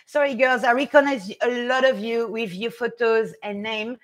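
A woman, a fashion stylist chatting casually with viewers on a live stream, excitable, nervous and laughing often. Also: fairly high pitch, moderate pace.

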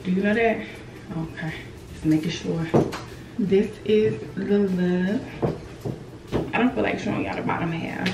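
A woman's voice: medium pitch, steady tone, a little slow, creaky, pauses often, far from the mic, heavy background noise. Young woman vlogging in an echoey room. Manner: candid, swearing, laughing at herself. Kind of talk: casual vlog talk to camera.

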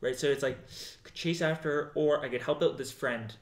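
A man's voice: on the high side, fairly quick. A man co-hosting a podcast in casual chat, acting out characters' lines as he retells scenes. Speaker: podcast co-host. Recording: roomy echo.

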